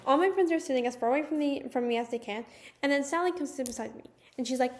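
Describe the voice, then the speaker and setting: A young woman telling a personal story in a casual, animated storytime manner, with lots of "like"s. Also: high-pitched, racing. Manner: chatty, animated storytelling with many "like"s. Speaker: vlogger.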